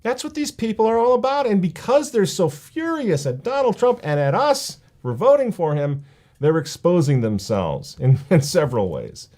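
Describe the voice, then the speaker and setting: A man's voice: high-pitched, very animated, moderate pace, warm tone. A man hosting a political commentary show, speaking in an emphatic, sarcastic and indignant way. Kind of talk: opinion commentary.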